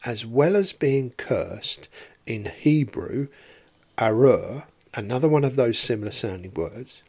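A man's voice: mid-range voice, warm tone, breathy edge. A man teaching a Bible study in a podcast, explaining verse by verse and posing rhetorical questions.

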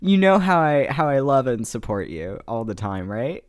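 A woman co-hosting a podcast in casual chat, dry and teasing with a deadpan delivery. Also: extremely low pitch, moderate pace, no echo. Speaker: podcast co-host.

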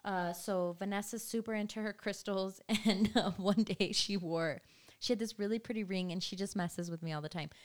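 A young woman co-hosting a casual podcast chat, telling stories in an animated, giggly way with lots of "like". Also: mid-range voice, moderate pace. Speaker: podcast co-host.

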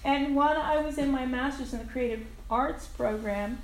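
An older woman with a high voice shares her recovery journey at a meeting at a normal speed, candid and frank, swearing casually and laughing at herself. The room echoes with faint ambience, and slight background noise is audible.

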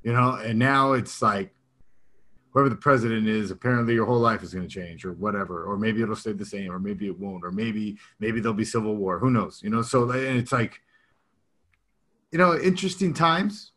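A man's voice: on the low side, a little fast, a bit bright. A man in his thirties or forties co-hosting a podcast in casual, rambling chat, laughing often as he talks. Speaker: podcast co-host.

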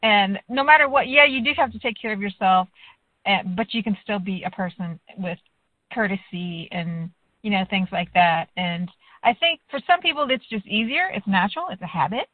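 A woman's voice: medium pitch, expressive, moderate pace, dry recording. A woman reflecting in casual chat, an encouraging listener. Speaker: conversation partner. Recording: dry, tinny phone-like line.

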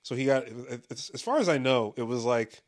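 A man's voice: mid-range voice, big pitch swings, fairly quick. A man riffs in a loose, foul-mouthed comedic monologue, circling back on his own sentences. He laughs often and keeps a mid-range voice. His delivery feels offhand and unscripted. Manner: profane, rambling, laughs often.

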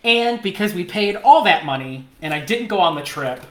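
A man co-hosting a podcast, telling a story in a casual, animated way, laughing often and mimicking the people in it. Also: high-pitched, moderate pace, slight background noise. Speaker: podcast co-host. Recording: roomy echo.

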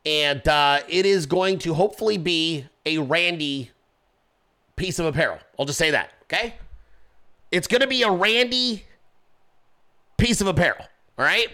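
A man hosting his own show in a casual, profane way, riffing and laughing at his own jokes. His voice sits high and swings widely in pitch. The tone is bright and forceful. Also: expressive, normal speed, long pauses. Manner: loose, joking, swearing, laughs at own stories; acts out voices in anecdotes. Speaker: podcast host.

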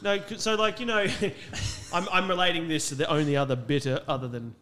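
A man's voice: a little high, fairly even intonation, fairly quick, bright, forceful tone. A man co-hosting a casual podcast, hesitant and jokey, often trailing off. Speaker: podcast co-host. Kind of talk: casual chat.

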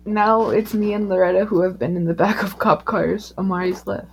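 A woman's voice: medium pitch, fairly even intonation, moderate pace, creaky, slight background noise, poor audio. A woman reacting in a casual chat among friends, laughing along. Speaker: friend listening.

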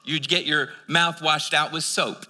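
Man, American preacher, piercingly bright tone, fairly high voice, reads scripture then chats about it. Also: fairly even intonation, a little slow, big-room sound. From United States. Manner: reads scripture then explains it in casual asides; conversational, with filler words and restarts. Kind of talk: sermon.

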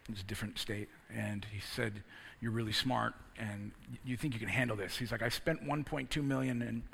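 A man preaching, moving from a personal story into forceful, emphatic sermon delivery. His voice is gravelly with a husky edge and a bright, pressing tone. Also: lowish voice, steady tone, fairly quick.

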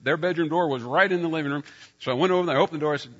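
A middle-aged man preaching a sermon, telling a personal story and getting loud when he acts out scenes. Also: fairly high pitch, racing, lo-fi sound.

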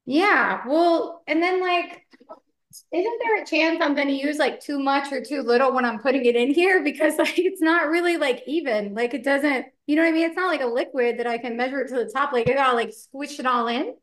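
Woman podcast co-host, slightly high, rambling and giggly, roomy kitchen sound. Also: brisk, a bit bright. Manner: chatty, many fillers, laughs often. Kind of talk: casual chat while baking.

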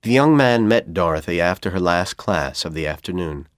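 A man from Iran with a Persian accent, whose first language is Persian, reading an English storybook aloud in a clear, deliberate way for learners. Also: deep voice, no room sound, studio quality. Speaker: audiobook reader for English learners. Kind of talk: slow audiobook narration.

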